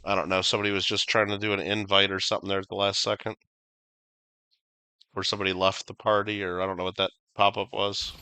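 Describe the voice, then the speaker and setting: A man's voice: deep voice, level tone, fast talker, pushed and bright, clean tone, no echo. A man streaming a video game, chatting casually, reading viewer comments aloud and swearing now and then. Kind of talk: casual livestream gaming chat.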